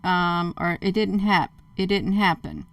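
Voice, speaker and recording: Fairly low and creaky, her voice is animated but unhurried. She's hosting a livestream, pressing her points urgently, calling viewers "you all" and responding to their comments as they arrive.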